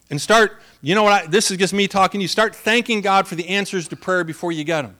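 A man's voice: high-pitched, fast talker, hardly any pauses, bright, forceful tone. A man preaching a conversational sermon, humorous and laughing often as he retells the story. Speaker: pastor.

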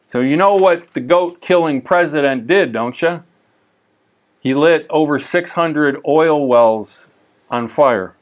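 A man teaching the Bible in a casual, conversational way, telling stories with lively asides and frequent restarts. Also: fairly high pitch, takes it slowly.

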